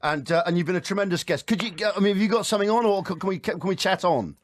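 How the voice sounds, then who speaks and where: Fast-talking jokey radio host man. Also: sits high. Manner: quick, jokey and eager. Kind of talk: lively radio chat.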